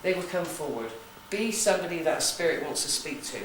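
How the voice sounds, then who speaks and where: Her voice sits on the low side and is expressive and slightly fast as she, a West Country psychic, leads a ghost hunt briefing full of jokes and friendly "okay?" check-ins. The noisy recording comes from a camera at a distance in a large, echoey room of an old building.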